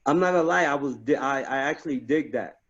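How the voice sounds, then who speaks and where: A man, an army veteran, telling stories in a casual chat, animated and profane, restarting his sentences often. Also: medium pitch, quick pace. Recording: dull lo-fi sound.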